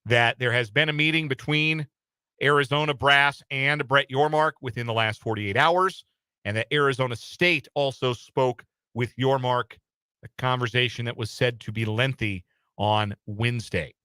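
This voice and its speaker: A man's voice: medium pitch, moderate pace, sharp tone, clear, resonant tone, no echo. A man hosting a sports talk radio show from a studio, talking in a casual, chatty way with some uh fillers and repeats. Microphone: studio microphone.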